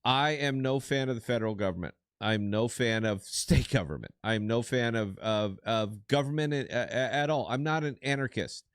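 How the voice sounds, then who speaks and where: A man's voice: mid-range voice, moderate pace, few pauses, clean tone, dry recording, clean studio sound. A middle-aged man co-hosting a political podcast, giving blunt, profane and emphatic commentary. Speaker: podcast co-host.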